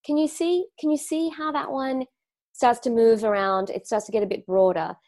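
A woman's voice: a little high, fairly even intonation, moderate pace, darkish tone. A woman with an Australian accent giving a live online talk to students, speaking reflectively and conversationally, with frequent fillers and restarts. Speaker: wellness teacher.

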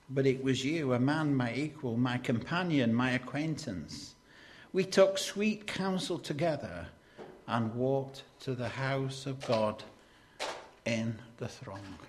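Brief: male preacher, unhurried delivery, bursts of fervour on key lines. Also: medium pitch. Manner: slow, deliberate preaching with sudden emphatic rises. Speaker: preacher and hospital chaplain. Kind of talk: sermon.

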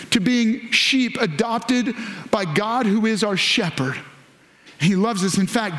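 A male pastor preaching a sermon to several campuses, animated, lifting his voice when he quotes scripture. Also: high voice. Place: large church auditorium. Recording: echoey hall.

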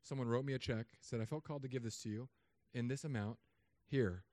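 A man in his thirties, a pastor, preaching a sermon with humor and animated storytelling asides. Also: mid-range voice, brisk, dry recording.

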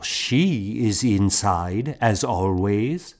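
A man voicing a strong, frank, brisk woman in a storybook reading. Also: lowish voice, expressive, exaggerated voice.

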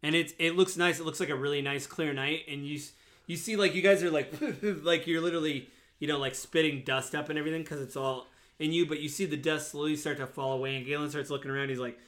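Bright-voiced rambling male game master. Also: a little high, fairly even intonation, fast. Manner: rambling with many fillers. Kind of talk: narrating a tabletop game.

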